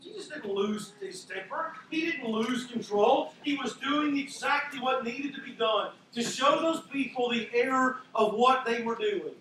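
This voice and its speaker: A man's voice: very high-pitched, unhurried, few pauses, sharp tone. A man preaching a sermon as pastor, conversational with self-deprecating asides. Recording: echoey hall from far off, faint noise.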